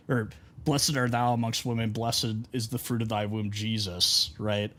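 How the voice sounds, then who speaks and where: A man chatting casually on a live game stream, with a middling voice that is neither high nor low. He rambles through stories, stuffs them with "like", and breaks off to greet viewers in chat. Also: steady tone, measured pace, few pauses, a bit bright. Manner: rambling storytelling full of "like" and asides to chat.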